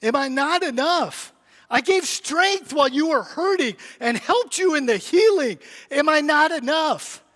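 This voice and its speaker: A tender, sorrowful God pleads over and over, as a high-voiced male preacher speaks for him. The words carry a long reverb through a church sanctuary. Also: expressive, a little slow, a bit bright, heavily acted. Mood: pleading. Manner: repeats one aching question. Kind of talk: sermon.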